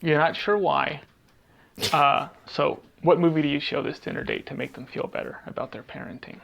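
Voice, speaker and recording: Gravelly higher-voiced man chatting. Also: fairly even intonation, normal speed, fairly bright tone, slight background noise. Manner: rambling, trails off hunting for titles. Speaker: podcast co-host. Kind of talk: casual chat.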